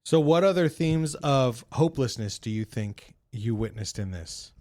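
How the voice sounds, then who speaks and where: A man's voice: medium pitch, lively intonation, warm tone, no echo, clean studio sound. A man co-hosting a podcast, chatting casually, hesitant with restarts as he steers the topic. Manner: halting, many fillers and restarts, leads topics. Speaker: podcast co-host.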